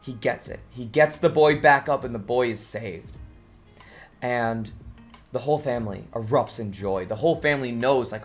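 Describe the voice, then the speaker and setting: A man, a streamer, telling an improvised bedtime story in a relaxed, rambling way, restarting phrases as he goes. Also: mid-range voice, normal speed, soft background music.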